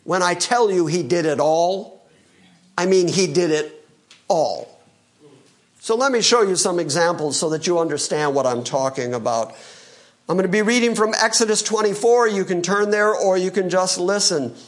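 A man preaches a sermon and reads scripture aloud in a fairly high voice. His delivery stays conversational. He breaks it up with playful asides. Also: normal speed. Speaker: pastor.

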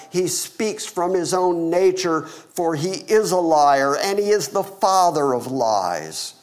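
Slow, animated male preacher. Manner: preaching with dramatic pitch swings, dropping low for emphasis. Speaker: pastor. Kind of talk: sermon.

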